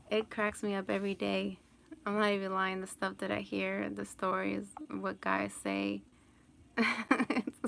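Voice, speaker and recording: Woman rambling on a live stream, very gravelly fry all through, laughs a lot. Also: medium pitch, a bit bright. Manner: rambling, laughs often, lots of "like" and "you know". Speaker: vlogger answering live chat questions. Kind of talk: casual live-stream chat.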